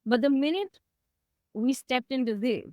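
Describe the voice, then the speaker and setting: A woman speaking in a candid, heartfelt way about her own past, reflective and emotional, her voice close to tears at times. She sits a little high for a woman. The sound is dry and close, with no room around it. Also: measured pace, dark tone, dry recording, muffled recording. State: tearing up. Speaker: guest. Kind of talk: candid personal conversation.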